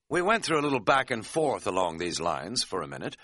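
A man's voice: fairly low pitch, very animated, fairly quick, hardly any pauses, fairly bright tone, dry recording. A man narrating an audiobook in a wry, dry-humored storytelling manner.

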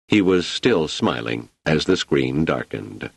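This audiobook narrator, a man with a deep, creaky, slightly breathy voice, reads a novel slowly and with few pauses. His expressive, scripted delivery swings widely in pitch, and the dry, close recording carries no echo or room sound.

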